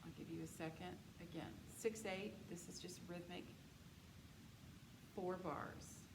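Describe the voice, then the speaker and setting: A woman's voice: on the low side, steady tone, a little slow. A woman teaching a music theory lecture, patiently explaining dictation exercises and counting beats aloud. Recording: echoey room with background noise.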